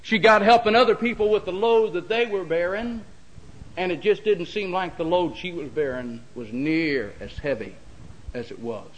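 A man's voice: high-pitched, moderate pace, dull audio. A man preaching a sermon in a folksy, repetitive way, calling out for amens. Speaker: pastor.

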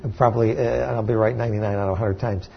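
A man's voice: on the low side, steady tone, rapid-fire, gravelly, slightly rough, dull audio. A man preaching a sermon to his church, talking in a conversational way with restarts and sudden emphatic peaks. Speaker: pastor.

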